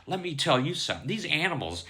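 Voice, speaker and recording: A man quoting a callous, pushy stranger in a dream story, blunt and dismissive, with a bright voice. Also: on the high side, very animated, fast talker. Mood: scornful. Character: callous pushy man who scorns animals.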